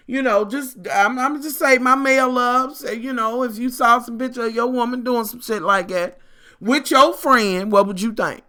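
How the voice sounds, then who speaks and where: A woman's voice: a little high, moderate pace, pushed and bright. A woman vlogger giving a blunt, profane, sassy rant about a reality show. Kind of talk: casual rant.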